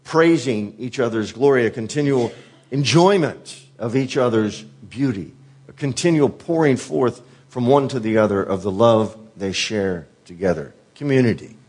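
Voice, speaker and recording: A man preaching a sermon earnestly, asking rhetorical questions and dropping softly on quoted words. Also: mid-range voice, normal speed, breathy edge.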